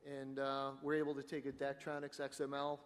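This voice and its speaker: A man on a conference panel describing his live sports production setup, talking haltingly with many fillers and restarts. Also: mid-range voice, completely flat delivery. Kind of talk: panel discussion, technical explanation. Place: conference hall. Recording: echoey conference hall.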